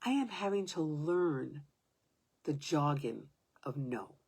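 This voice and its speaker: Brief: woman, 70s, low husky voice, halting personal storytelling, breaks into whispers. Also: lively intonation, a little mellow. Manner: halting, restarting sentences, sometimes dropping to a whisper.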